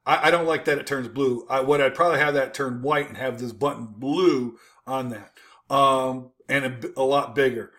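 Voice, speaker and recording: A man giving a casual, informal commentary while critiquing websites on his screen, talking with many fillers and restarts and punching points with an emphatic "boom.". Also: steady tone, moderate pace, fairly bright tone.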